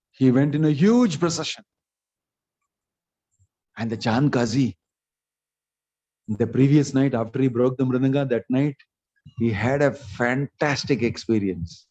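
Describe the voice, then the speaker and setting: A man's voice: mid-range voice, a little mellow. A man giving a sermon as a monk, telling stories with voiced quotes and jokes, in a dull lo-fi recording. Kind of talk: sermon storytelling.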